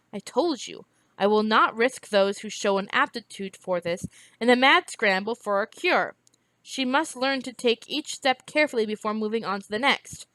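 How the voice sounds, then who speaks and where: A woman's voice: a little high, a bit bright, no room sound. A woman reading aloud, voicing a stiff, haughty male scholar who speaks in a cool, clipped, formal way.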